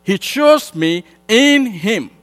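A man's voice: high-pitched, very animated, slow, fairly bright tone, faint music behind. A man preaching a sermon with an emphatic, repetitive cadence that rises in bursts. English is not his first language. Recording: long hall reverb with mains hum.

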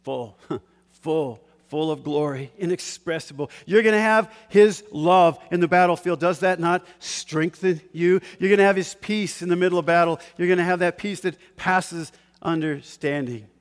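A man's voice: high-pitched, normal speed. An older man preaching a sermon, calling out questions for the congregation to finish and chuckling between points. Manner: call-and-response, asks the congregation to fill in words; chuckles often, shifts from loud to hushed. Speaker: pastor. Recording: long hall reverb.

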